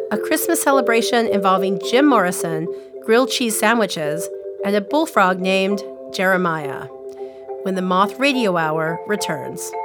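A woman hosting a radio show, reading scripted introductions in a measured, even way. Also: mid-range voice.

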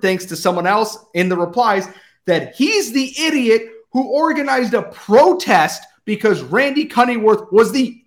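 Furious high-voiced man ranting. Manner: furious, emphatic, swearing. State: out of breath. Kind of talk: angry sports rant.

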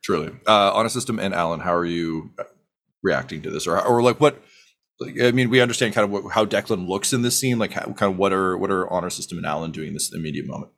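A man narrating a tabletop game as game master, halting and filling pauses with "uh". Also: low-pitched, gravelly, fairly bright tone. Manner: halting, lots of fillers.

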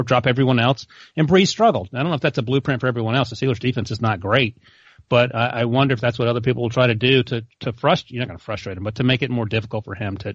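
A young man in casual sports debate as a co-host, opinionated and quick to correct. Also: medium pitch, no room sound, muffled recording. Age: young adult. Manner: fast, opinionated, corrects others.

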